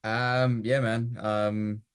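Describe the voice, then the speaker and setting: A man's voice: medium pitch, little pitch movement, extremely slow, smooth, dry recording. A man playing a tired prospect on a sales call, laid-back and blunt, with fillers and swearing. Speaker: roleplay prospect.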